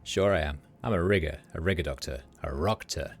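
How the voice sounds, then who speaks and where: Reading game dialogue aloud on a livestream, a man with a very deep voice talks a little fast as a hungover but cheerful middle-aged street doctor. He gives the character a loose Midwestern American accent with words piling together, keeping him easygoing, jokey, laid-back and boastful.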